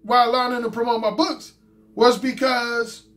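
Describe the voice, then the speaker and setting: A man's voice: very high-pitched, level tone, normal speed, a bit bright. Blunt, profane man talking. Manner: blunt, profane, repeats himself. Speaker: dating coach and YouTube host. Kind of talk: casual monologue commentary.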